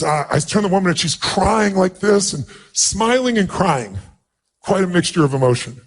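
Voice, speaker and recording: A man giving a motivational speech, telling a personal story in an earnest, emphatic way. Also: a little high. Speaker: motivational speaker.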